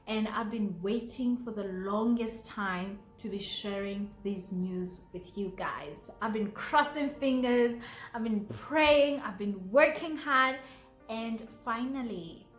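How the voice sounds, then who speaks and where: A young South African woman vlogging to camera, bubbly and giggly, with sudden high exclamations. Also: roomy sound. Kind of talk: casual chat to camera.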